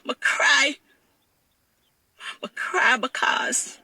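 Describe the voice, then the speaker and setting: A woman's voice: on the high side, moderate pace, pauses often, bright, forceful tone, no room sound. A middle-aged woman with a Jamaican accent, telling her own painful story in a raw, emotional way and repeating her phrases. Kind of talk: emotional personal testimony.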